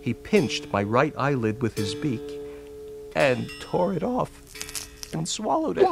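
A man reading a dramatic story slowly and deliberately. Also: on the high side, huge pitch swings, music in the background. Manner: slow, deliberate, gravelly. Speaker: story reader.

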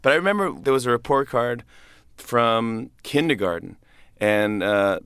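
A man in his thirties tells stories in a cheerful, rambling way and chuckles often as he goes. His voice is smooth and clear, at an ordinary pitch. He is recorded dry and close on a studio microphone. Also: expressive, measured pace, a bit bright, dry recording. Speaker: comedian, interview guest. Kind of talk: casual conversational storytelling.

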